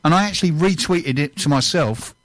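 A man's voice: fairly high pitch, dry recording. A man co-hosting a local radio show, chatting in an easygoing way and reading out announcements. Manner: easygoing, quick agreeing interjections. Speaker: radio co-host. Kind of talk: casual radio chat.

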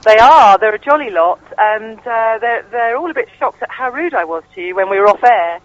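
Playful, cheeky male on-location reporter with a high voice; the sound is muffled, like a phone line. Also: expressive, brisk, a bit bright, no room sound. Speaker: radio co-host on location. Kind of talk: casual live radio banter.

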